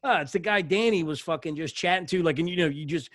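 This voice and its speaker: A bartender tells rowdy stories, swearing freely, in a fairly high man's voice. The sound is dry and close, with no room around it. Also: fast, no room sound. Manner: animated storyteller, swears often. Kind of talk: casual podcast chat. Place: podcast studio.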